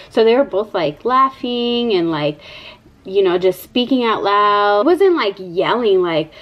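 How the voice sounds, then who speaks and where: A woman's voice: mid-range voice, animated, moderate pace, lo-fi sound. A young mother tells a casual storytime vlog in a mid-range voice. She is chatty and profane, and she fills her sentences with "like" and "you know.". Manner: chatty, profane, many fillers. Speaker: vlogger, mother.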